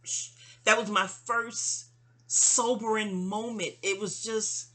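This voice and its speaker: A middle-aged New York vlogger speaks directly to her mother in a candid, wandering personal monologue, her medium-pitched voice breathy and husky but also bright and forward. Her tone stays steady and her pace slow, though she often stumbles and restarts while drifting between thoughts.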